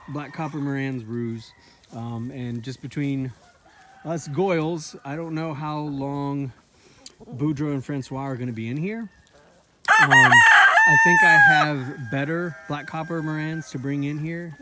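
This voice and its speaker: A man's voice: mid-range voice, sharp tone. A man chatting casually about his farm while walking the pasture and talking fondly to his chickens. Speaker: farmer and video host. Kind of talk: casual walk-and-talk vlog. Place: outdoors in a pasture. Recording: outdoor farm recording with noisy background. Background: chickens clucking and roosters crowing.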